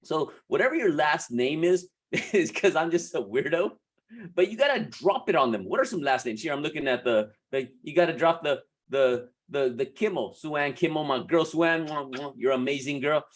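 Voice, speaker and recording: A man coaching beauty professionals in a casual, animated way, laughing often and restarting his sentences. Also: a little high, normal speed.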